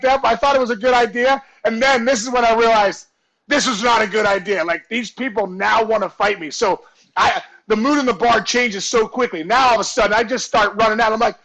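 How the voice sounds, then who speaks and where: A man telling a story over a video call, animated and throwing himself into every voice and shout. His voice sits high, with a gravelly edge running through it. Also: a little fast, rough recording. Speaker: guest storyteller, former ballplayer. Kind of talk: casual storytelling chat.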